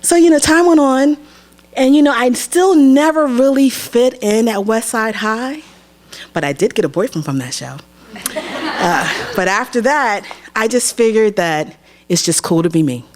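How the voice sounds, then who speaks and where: Young woman, fairly high voice, very lively pitch, live storytelling on stage, animated character voices. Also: measured pace, background noise. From Pennsylvania. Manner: animated, acts out other people's voices. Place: theater stage.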